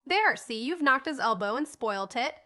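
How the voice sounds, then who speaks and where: A woman's voice: high voice, expressive, moderate pace, pushed and bright, voice pushed up. A woman playing a fussy proud boy.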